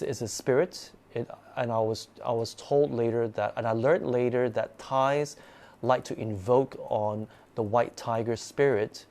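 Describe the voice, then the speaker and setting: A man telling a personal ghost story in casual, animated speech, often repeating words as he goes. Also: mid-range voice. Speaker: guest storyteller.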